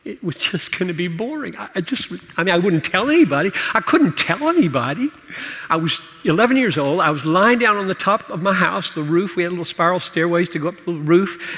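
A man preaching and answering questions in a church teaching session, animated and playful, laughing at his own jokes. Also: high voice. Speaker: pastor. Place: church hall. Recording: church hall reverb.

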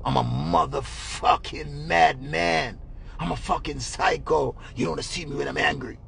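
A man voicing a jealous, angry boyfriend, snarling slow threats in a deep voice. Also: creaky, fairly bright tone, a little hiss or hum. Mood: menacing.

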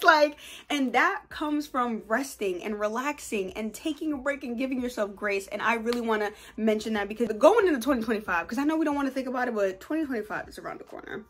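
Bubbly high-voiced young woman vlogger. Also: quick pace. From New York, USA. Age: 20s. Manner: bubbly, excitable, breaks into laughs and squeals. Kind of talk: casual chat to camera.

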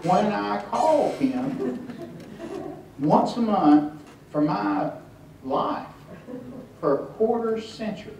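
Slow, wry man in an echoey room. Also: high-pitched, expressive, creaky, a little mellow, distant mic, slight background noise. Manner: slow, wry, halting with many restarts. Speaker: author speaking at a tribute event. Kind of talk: storytelling talk to an audience. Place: hotel event room with audience.

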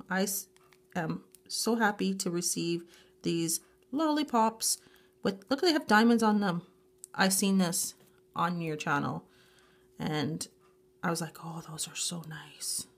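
A woman speaking slowly and at a drawn-out pace, with a voice of medium pitch. She gushes over each item she unboxes, piling up excited exclamations in a casual vlog. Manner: slow, drawn-out delivery. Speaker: YouTuber unboxing a grab bag.

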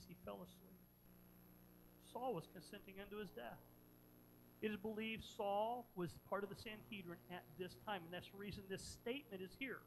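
A pastor preaching a sermon, retelling a story dramatically with repeated phrases, moving between loud emphasis and quiet earnest questions. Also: mid-range voice, slight background noise, rough recording.

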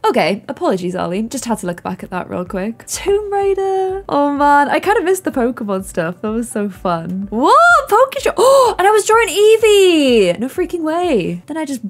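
A young woman with a Yorkshire accent, reacting to her old videos in an animated, self-mocking, exclamatory way. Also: sits high, moderate pace, few pauses. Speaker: YouTuber host.

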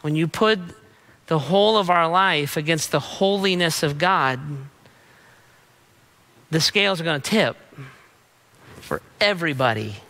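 A middle-aged man, a pastor, preaching an emphatic sermon with rapid-fire repeated refrains. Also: a little high, lively intonation, bright, forceful tone.

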